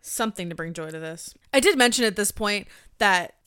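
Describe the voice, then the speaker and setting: A woman's voice: mid-range voice, expressive, fairly quick, fairly bright tone, clear, resonant tone, no echo, studio quality. A woman co-hosting a casual podcast, sarcastic and exasperated, with dramatic sighs. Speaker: podcast co-host. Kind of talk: casual chat recapping wrestling.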